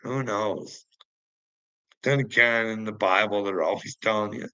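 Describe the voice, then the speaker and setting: Taunting Canadian man, slow and bright. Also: lowish voice, no room sound, poor audio. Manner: taunting, laughs often between phrases; addresses chatters by name, mocking. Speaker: livestreamer. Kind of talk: casual livestream chat with viewers.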